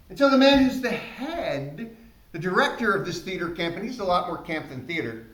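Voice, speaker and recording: Animated high-voiced man telling a comic story. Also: slight background noise. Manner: animated, self-mocking comic delivery. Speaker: solo performer. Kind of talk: live storytelling monologue. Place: small theater stage. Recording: echoey room.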